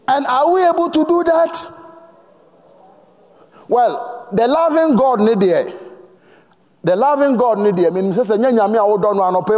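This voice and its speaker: A man's voice: high voice, darkish tone. A man with a Ghanaian accent preaching a sermon emphatically, prompting the congregation to finish his phrases. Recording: long reverb of a large hall.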